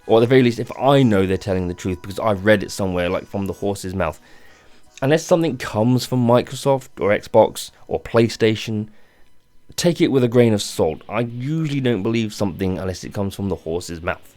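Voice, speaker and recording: A tired man rants off the cuff on a gaming vlog, rambling and halting with many restarts and plenty of swearing. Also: lowish voice, animated, darkish tone, soft background music. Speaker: gaming channel host. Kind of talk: unscripted rant vlog.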